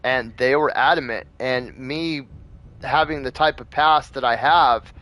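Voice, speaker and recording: A man's voice: mid-range voice, a little slow, muffled recording. Rambling, foul-mouthed man telling a story. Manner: rambling, profane, full of fillers. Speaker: gaming channel host. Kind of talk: casual storytelling.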